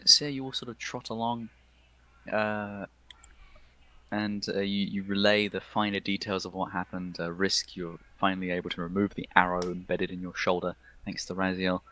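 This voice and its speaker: Halting, low-voiced male game master. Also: level tone, sharp tone. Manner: halting, filler-heavy, casual. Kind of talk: narrating a tabletop game.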